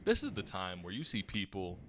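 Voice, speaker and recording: A man's voice: low voice, wildly swooping pitch, brisk, fairly bright tone. A man in his twenties co-hosting a podcast, chatting casually and telling stories with a laugh. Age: 20s. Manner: laid-back, laughing storyteller. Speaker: podcast co-host. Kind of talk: casual chat.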